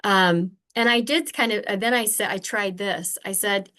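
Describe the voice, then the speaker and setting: An older woman who is a podcast guest, telling earnest personal stories in a candid, animated conversational way. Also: medium pitch, normal speed. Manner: earnest, animated, acts out remembered exchanges.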